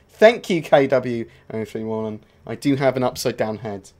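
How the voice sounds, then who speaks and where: Speaking at a moderate pace with hardly any pauses, this man answers his viewers' questions on a gaming livestream. His mid-range voice carries a relaxed, rambling style full of fillers.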